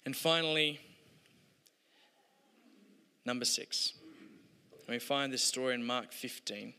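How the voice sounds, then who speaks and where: A man delivers a sermon in an earnest, storytelling way, his voice bright and clear. He lets each point fade to a soft close, and the sound rings with the long reverb of a church hall. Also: mid-range voice, takes it slowly, slight background noise. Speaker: pastor.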